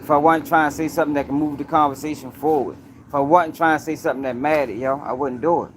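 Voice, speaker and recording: He's a fast talker whose voice is on the high side, with fairly even intonation and a little hiss or hum in the recording. As host of his own news commentary livestream, he speaks emphatically, circles back to the same points, and addresses viewers directly.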